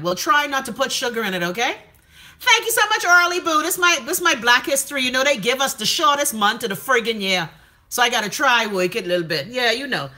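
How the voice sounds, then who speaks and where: A woman's voice: a little high, sharp tone. A woman with a Bahamian accent, hosting a casual live stream, reading viewer comments and giving blunt, profane commentary.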